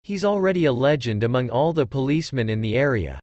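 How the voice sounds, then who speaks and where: A man's voice: mid-range voice, expressive, quick pace, a little mellow, dry recording, highs cut off, lightly acted. A man voicing a young male rookie police officer who explains things earnestly.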